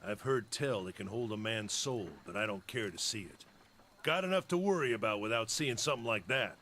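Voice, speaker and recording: A gruff, brusque caravan leader. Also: male voice, on the low side, animated, a little fast, pushed and bright, a little hiss or hum. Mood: matter-of-fact. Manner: terse, matter-of-fact, impatient. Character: gruff middle-aged male caravan leader, brusque and practical. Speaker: caravan guide in a video game. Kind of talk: voiced video game dialogue.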